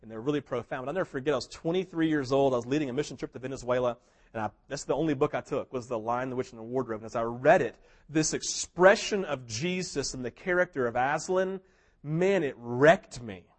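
A man preaching a sermon, telling a story with big swings between loud, excited passages and hushed ones, sometimes acting out what characters say. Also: mid-range voice, brisk. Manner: mimics characters in quoted asides. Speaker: pastor.

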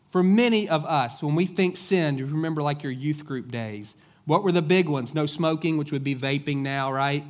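A man's voice: on the high side, normal speed. A middle-aged man preaching a conversational sermon as a pastor, casual and joking, telling stories in plain everyday speech. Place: church sanctuary.

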